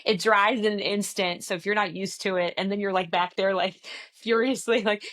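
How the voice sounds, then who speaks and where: A woman's voice: mid-range voice, steady tone, moderate pace, fairly bright tone. A woman from the Midwest, chatting as an interview guest, laughing often and acting out quotes. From American Midwest. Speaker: stage actor, interview guest. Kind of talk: casual interview chat.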